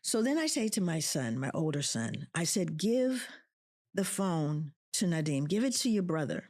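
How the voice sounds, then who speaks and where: A woman's voice: low-pitched, very animated, moderate pace, darkish tone. A middle-aged woman, a professor of social work, tells a personal story with passion, acting out the voices of the people in it and repeating lines for emphasis. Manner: impassioned, acts out quoted voices, repeats for emphasis. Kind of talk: emotional storytelling.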